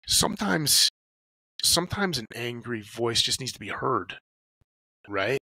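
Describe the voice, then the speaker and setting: A man's voice: medium pitch, big pitch swings, a little slow, long pauses, pushed and bright, slightly rough, no room sound, rough recording. A man, a podcast guest talking casually and acting out his inner dialogues as he tells stories, swearing freely. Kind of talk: casual conversational talk.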